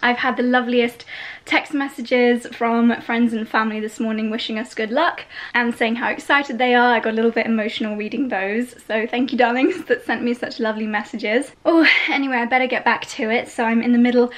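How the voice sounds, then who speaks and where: A woman's voice: on the high side, steady tone, fairly quick. A young woman chatting to camera in a lifestyle vlog, bubbly and out of breath from carrying boxes around a house. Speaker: lifestyle vlogger. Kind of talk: casual vlog chat to camera. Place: house during a move.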